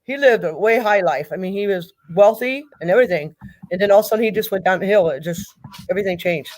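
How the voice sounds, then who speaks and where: A middle-aged woman speaking as a grieving mother in an interview, talking in a halting way and repeating herself. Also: medium pitch, a little mellow. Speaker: guest, mother of a victim. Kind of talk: emotional interview over a call.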